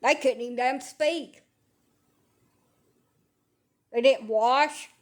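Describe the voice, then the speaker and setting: A woman's voice: sits high, measured pace. A woman, talking casually from bed, blunt, sarcastic and swearing freely. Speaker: social media livestreamer. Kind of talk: casual rambling livestream talk. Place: in bed at home.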